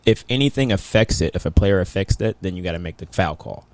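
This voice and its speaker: A man's voice: sits low, lively intonation, fast talker, darkish tone, no echo. A man talking casually as a podcast guest, a coach and referee, laid-back and teasing, laughing easily. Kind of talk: casual chat. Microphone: podcast microphone.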